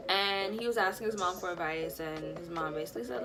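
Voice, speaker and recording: A young woman casually retelling a personal story, animated and full of fillers, acting out what people said. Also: mid-range voice, normal speed, over music. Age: young adult. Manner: animated, lots of fillers, acts out quotes. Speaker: vlogger.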